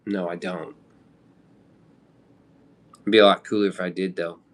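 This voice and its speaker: A man's voice: low voice, level tone, unhurried. A man from the Midwest chatting casually on a live stream, rambling with loose slang and casual swearing. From American Midwest.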